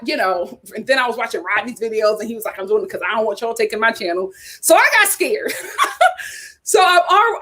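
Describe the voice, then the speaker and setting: An animated woman hosts her own channel and chats casually with her viewers. Her voice sits a little high, and she laughs easily between thoughts. It sounds like she is talking to a camera at home. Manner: animated and chatty, laughs often. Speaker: YouTube host.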